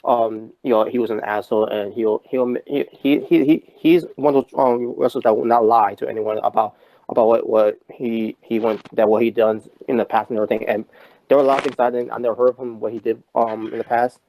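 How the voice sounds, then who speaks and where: A man's voice: mid-range voice, steady tone, brisk, dark tone, low-quality recording. Rambling man in casual podcast chat. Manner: rambling, many restarts and fillers. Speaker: podcast co-host. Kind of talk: casual wrestling talk.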